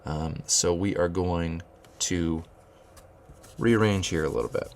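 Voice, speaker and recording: A man's voice: low voice, takes it slowly. A man teaching rhythmic solfege, explaining note beams and chanting counting syllables, often restarting his phrases. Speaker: music teacher.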